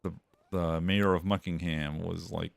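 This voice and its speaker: A man's voice: low voice, fairly even intonation, measured pace, creaky, no echo. A male streamer giving casual gameplay commentary, laid-back and chatty, with swearing and laughs.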